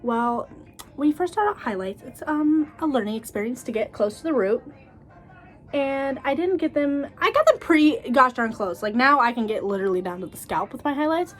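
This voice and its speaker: A woman in her twenties telling stories in a blunt, animated casual vlog, laughing often. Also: high-pitched, normal speed. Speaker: cosmetologist sharing school experiences.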